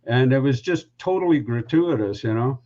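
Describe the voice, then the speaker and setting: A man's voice: medium pitch, lively intonation, normal speed, dark tone, highs cut off. A man who is a podcast guest, telling a story casually and rambling with lots of asides.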